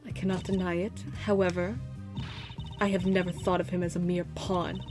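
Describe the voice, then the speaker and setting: A woman plays a sincere young prosecutor, firm in defending someone. The voice runs a little low over clear game music. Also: level tone, moderate pace, close to an everyday voice. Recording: game music playing behind.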